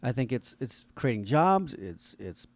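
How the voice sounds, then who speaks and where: A man's voice: mid-range voice, very animated, unhurried, dry recording. Rambling, swearing man co-host. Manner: rambling, hedging, swears freely. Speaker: podcast co-host. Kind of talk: casual chat.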